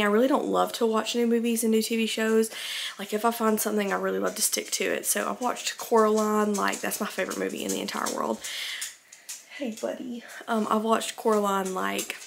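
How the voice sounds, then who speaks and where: A woman's voice: medium pitch, gravelly, a bit bright, a little hiss or hum. A young woman from Alabama, chatting casually in a rambling home vlog, a little out of breath. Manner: rambling, filler-heavy, chatty. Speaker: vlogger.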